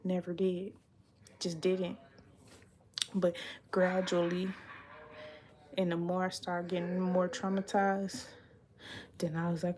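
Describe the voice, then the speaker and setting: A woman's voice: fairly low pitch, completely flat delivery, slow pace, pauses often, a little mellow, slight background noise. A young adult woman chatting casually on a livestream, blunt and profane, rambling and sometimes dropping into a whisper. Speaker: livestream host. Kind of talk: casual confessional livestream chat.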